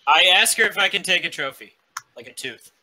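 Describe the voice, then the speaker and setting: A man's voice: sits high, lively intonation, brisk, pushed and bright. A man playing a tabletop game, chatting eagerly with joking banter. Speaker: player. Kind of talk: casual tabletop game chat.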